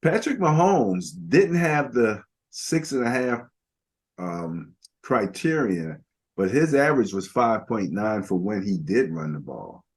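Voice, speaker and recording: A man's voice: on the low side, big pitch swings, a little slow, husky. An older man co-hosting a casual football podcast, rambling through stats with lots of fillers. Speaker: podcast co-host. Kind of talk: casual sports talk.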